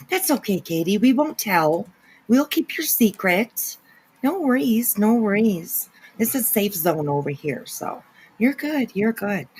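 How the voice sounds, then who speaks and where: A woman's voice: mid-range voice, a little hiss or hum, poor audio. A woman hosting a casual livestream, greeting chatters by name with giggly asides. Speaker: livestream host. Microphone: no camera, voice only.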